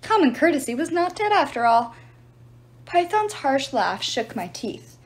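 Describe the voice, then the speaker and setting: Woman, higher voice, lively swooping pitch, dramatic read-aloud of a novel. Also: measured pace. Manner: expressive, dramatic storytelling. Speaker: reader.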